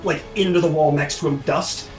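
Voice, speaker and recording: A man's voice: fairly high pitch, steady tone, normal speed, darkish tone, recorded from a distance. A man narrating a tabletop game as game master, rambling with many fillers. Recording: echoey room, music behind.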